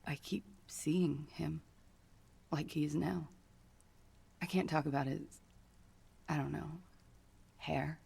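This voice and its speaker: A weary, guarded young witness in a video game. Her voice is gravelly and husky with a dark, mellow tone, low-key and tired through every line. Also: fairly even intonation, slow, long pauses, full character voice. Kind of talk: game character voice acting.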